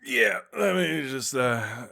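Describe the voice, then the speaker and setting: A man's voice: fairly high pitch, sing-song, slow, vocal fry, sharp tone, dry recording, clean studio sound. A man co-hosting a podcast, chatting playfully in character with a rambling, restarting delivery. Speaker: podcast co-host. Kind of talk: in-character casual chat.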